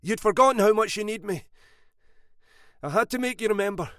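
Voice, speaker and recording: A man's voice: sits high, animated, brisk, a bit bright, no room sound, studio quality, pitched above the performer's own voice. A man voicing a possessive, controlling husband who coaxes and threatens. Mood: obsessive. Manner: coaxing then snarling, possessive. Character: controlling, obsessive husband turning menacing.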